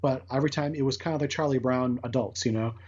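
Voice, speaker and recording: A man's voice: medium pitch, fast talker, darkish tone. A man in his thirties, a guest in an interview, earnestly recounting a personal experience with many restarts. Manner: earnest, rambling with restarts and acted-out quotes. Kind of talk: casual storytelling interview. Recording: muffled lo-fi audio.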